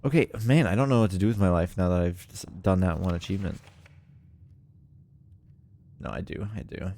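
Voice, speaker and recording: A man's voice: low voice, animated, fairly quick, mellow. A man livestreaming a puzzle game, chatting casually and rambling with lots of ums and frequent laughs. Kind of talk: casual live-stream chat.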